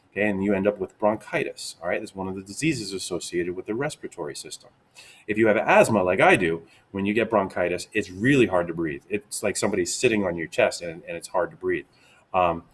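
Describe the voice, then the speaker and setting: Energetic, low-voiced man teaching science. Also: breathy edge. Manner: energetic, upbeat, repeats "okay?" often. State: out of breath. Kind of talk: casual science lesson for kids.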